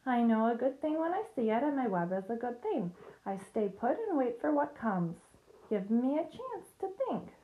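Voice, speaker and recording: A wise, calm female spider explains things patiently, in a gently raised voice, as a woman reads her aloud. It is a storybook reading, and her tone is fond and sure of itself. She speaks a little above the reader's plain pitch. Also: moderate pace, narrow, tinny audio.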